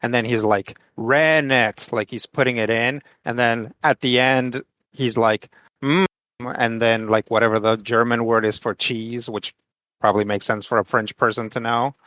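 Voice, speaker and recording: A man's voice: medium pitch, flat delivery, normal speed, fairly bright tone, no room sound, low-quality recording. A man playing a tabletop game, chatting casually and hedging with lots of fillers. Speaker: player.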